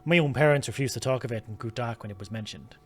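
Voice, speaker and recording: A man's voice: mid-range voice, fast talker, slightly rough, lightly acted. A man voicing a grave Irish scholar in a game, reading steadily with an Irish accent. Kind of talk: reading game dialogue aloud.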